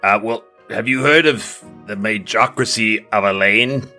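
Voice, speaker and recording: A man's voice: fairly low pitch, unhurried, bright, forceful tone, soft background music. A man playing a pompous, boastful male mage king who stammers when flustered, in an improvised tabletop game. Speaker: game master. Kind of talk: improvised tabletop role-play.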